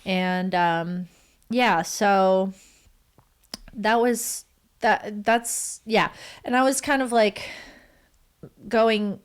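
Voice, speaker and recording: A woman's voice: mid-range voice, steady tone, drawn-out words, pauses often, clean tone. A woman in her thirties, a podcast guest talking casually with many fillers and frequent laughs. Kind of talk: casual interview chat.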